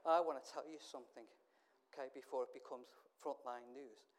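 A middle-aged man from England preaching a sermon, telling stories and swinging from hushed asides to loud, emphatic calls. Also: mid-range voice, steady tone, a little fast.

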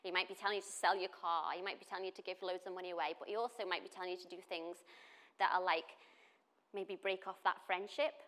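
A woman's voice: fairly low pitch, fairly even intonation, fast, a bit bright. A woman giving a conversational sermon at a church meeting, full of chatty asides and restarts. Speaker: church speaker.

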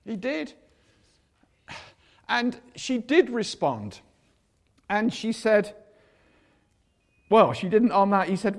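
A man's voice: high voice, big pitch swings, slow, pauses often. An older man giving a chatty sermon, acting out the people in the stories. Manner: chatty, acts out quotes in voices. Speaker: preacher.

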